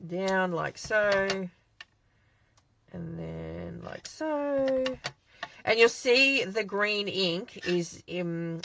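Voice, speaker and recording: Aussie lady doing a live craft demo from her shed, chatty and rambly, lowish voice with a bright edge. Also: creaky, a little hiss or hum, rough recording. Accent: Australian. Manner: chatty and rambling, reads out and answers viewer comments. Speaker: craft demonstrator, live-stream host.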